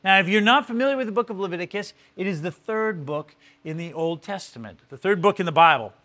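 Male pastor with a fairly high voice, earnest and halting, teaching scripture. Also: expressive, bright, forceful tone. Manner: earnest, repeats words when starting phrases. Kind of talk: sermon-style Bible teaching.

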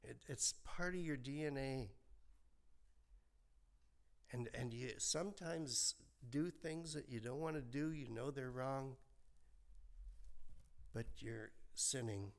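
A man in his seventies preaches at an unhurried pace, his voice rough with a gravelly edge. He talks to the congregation conversationally, leaning on rhetorical questions and homely asides. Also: mid-range voice. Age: 70s. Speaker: pastor. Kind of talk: sermon.

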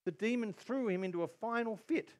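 A man preaching a sermon as pastor, telling a story with quoted asides and bursts of excitement. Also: high voice, a little fast.

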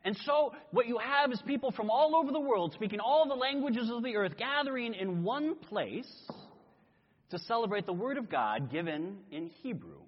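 A man preaching a sermon, telling a story in an animated way and acting out voices. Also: very high-pitched, moderate pace. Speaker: pastor. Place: church sanctuary. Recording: echoey hall, dull lo-fi sound.

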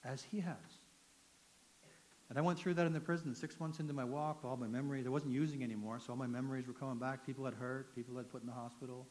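A man's voice: medium pitch, darkish tone, poor audio. Earnest man preaching his testimony. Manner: earnest, emphatic, storytelling. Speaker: guest speaker giving testimony. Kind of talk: testimony sermon.

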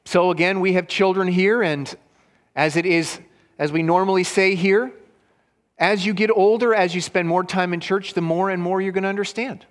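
A man's voice: high-pitched, fairly even intonation, moderate pace. A man preaching a sermon, retelling a story simply for children, with his voice rising for the quoted lines. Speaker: pastor. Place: church hall. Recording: long hall reverb.

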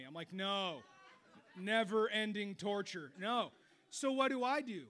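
Pastor, man, middle-aged, high bright voice, animated sermon delivery with loud and quiet swings. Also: normal speed. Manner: animated preaching, swinging between loud exclamations and low quiet stretches.

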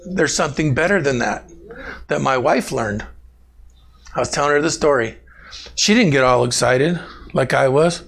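Gravelly, animated preaching man. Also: medium pitch, normal speed, pauses often. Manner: animated, talks directly to congregation members by name. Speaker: pastor. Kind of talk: conversational sermon with personal stories.

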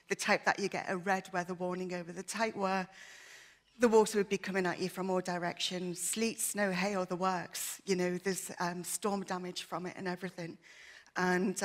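A woman's voice: lowish voice, little pitch movement, normal speed. A woman giving an earnest, emotional personal testimony in church, her voice shaky at times. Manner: earnest, emotional, with many fillers.

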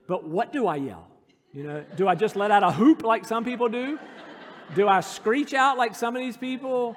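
High-voiced pastor preaching in a reverberant sanctuary. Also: male voice, a little fast. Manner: storytelling, self-deprecating, earnest. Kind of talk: sermon. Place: church sanctuary.

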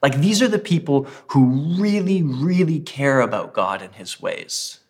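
A man's voice: medium pitch, lively intonation, a little slow, a little mellow. A man who is a pastor, preaching a sermon in a casual, conversational way and reading scripture with emphasis.

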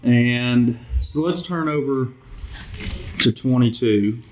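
Man leading a casual Bible study. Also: medium pitch. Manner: conversational, halting, with frequent restarts and asides. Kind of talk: casual group Bible study, reading scripture aloud. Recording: noisy amateur recording with clicks.

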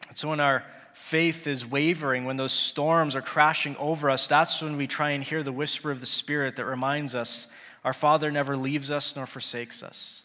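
A man's voice: medium pitch, steady tone, moderate pace, pushed and bright. A man preaching a sermon in an earnest, conversational way, sometimes acting out the people in the story. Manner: earnest, conversational, acts out biblical characters. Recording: long hall reverb.

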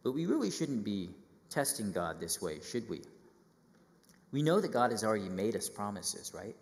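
A middle-aged man preaching a sermon to children, lively and full of questions, acting out quoted voices. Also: lowish voice, normal speed, big-room sound.

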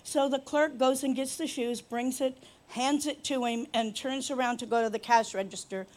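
A woman's voice: high-pitched, steady tone, normal speed. A woman preaching a sermon, telling a healing story with teasing asides and growing fervor.

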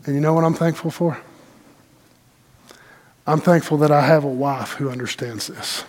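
Folksy pastor, slightly high voice. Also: male voice. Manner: folksy, animated storytelling with dramatic pauses. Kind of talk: sermon storytelling.

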